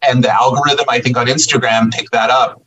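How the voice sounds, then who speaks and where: A man's voice: medium pitch, a little fast, highs cut off. A middle-aged man, a podcast guest telling a casual story and acting out the back-and-forth of conversations. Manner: animated storyteller acting out quoted exchanges.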